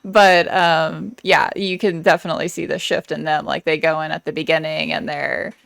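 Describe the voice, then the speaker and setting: A woman's voice: sits low, level tone, normal speed, creaky, fairly bright tone, no echo, clean studio sound. A woman guest on a podcast, chatting casually with lots of fillers and easy laughs. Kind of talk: casual chat.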